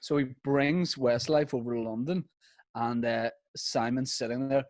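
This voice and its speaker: Podcast co-host, man, animated storyteller, dry close sound. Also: medium pitch, unhurried, no room sound. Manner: animated, slips into mimicking voices mid-story. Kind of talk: casual comedic storytelling.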